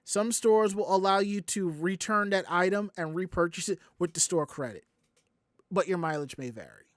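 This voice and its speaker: With a voice that sits high and a normal speed, a Southern American man hosting a casual podcast spins a long tale and animatedly performs each person's quoted words. The sound is dry and clean, studio quality.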